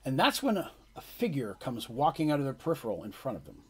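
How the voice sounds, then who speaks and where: Needs: husky male game master, lively narration. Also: medium pitch, fast. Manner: animated, casual descriptive narration.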